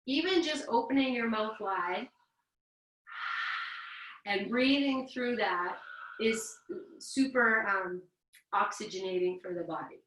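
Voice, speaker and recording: A woman guiding a yoga breathing practice in a gentle, chatty, playful way, sighing now and then and correcting herself. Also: a little high, slow pace, pauses often. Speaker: yoga teacher. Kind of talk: guided yoga instruction. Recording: echoey room, voice from a distance.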